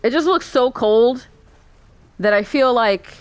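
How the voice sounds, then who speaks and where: A woman's voice: fairly high pitch, expressive, slow pace, smooth, dry recording. A woman giving casual live commentary while watching a film from her chair, chatty and sarcastic, swearing and laughing a lot. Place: indoors, seated in a chair.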